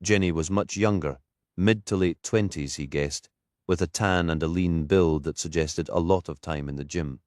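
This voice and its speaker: Deep-voiced man narrating a crime novel. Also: moderate pace, darkish tone, dry recording, clean studio sound. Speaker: audiobook narrator. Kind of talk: scripted narration.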